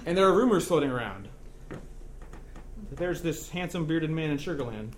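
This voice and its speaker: A man's voice: fairly high pitch, expressive, moderate pace, a little hiss or hum. A male pastor giving a conversational sermon, joking often and checking in with his listeners.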